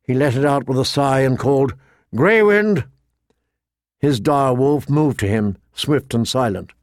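A man narrating a fantasy novel in a measured, steady storytelling voice. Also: medium pitch, no echo, clean studio sound. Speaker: audiobook narrator.

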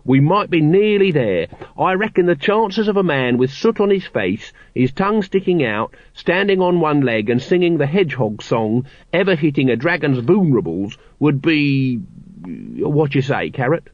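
A man's voice: on the high side, animated, normal speed, no room sound, lightly acted. A man putting on a crude, cheeky little watchman. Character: scheming little male city watchman, crude. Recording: slightly muffled dry recording.

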